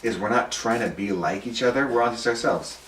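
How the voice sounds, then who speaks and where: A man's voice: medium pitch, a little fast, a bit bright, a little hiss or hum. A man co-hosting a casual comedy chat, laughing through his stories and slipping into silly quoted voices. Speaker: co-host. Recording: roomy echo, mic at a distance.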